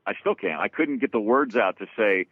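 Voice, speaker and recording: A man, a guest drummer, tells road stories in an animated, casual way, swearing freely and restarting his sentences. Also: lowish voice, a little fast, dry recording. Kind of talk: casual storytelling interview. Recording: dry, phone-like lo-fi sound.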